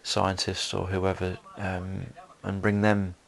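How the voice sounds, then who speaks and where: Man, gravelly, low voice, rambling film commentary, lots of fillers. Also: monotone, slow pace. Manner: rambling, many fillers and restarts.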